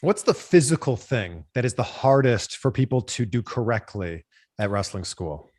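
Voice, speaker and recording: A man's voice: mid-range voice, lively intonation, darkish tone. A man hosting an interview, asking questions and giving short affirmations. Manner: brief affirmations and laughs, asks measured questions. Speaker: interview host.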